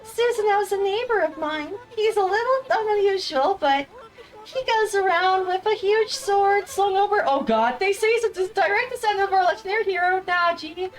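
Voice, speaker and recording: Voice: very high-pitched, moderate pace, pitched above the performer's own voice, rough recording. A streamer voicing a cheerful young woman who brews sake, chatty and friendly, reading game dialogue aloud.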